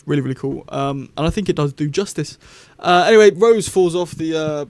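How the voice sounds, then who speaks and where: A man's voice: on the high side, brisk, dry recording. A young man, hosting a casual vlog review in a rambling, chatty, enthusiastic way. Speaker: YouTube host.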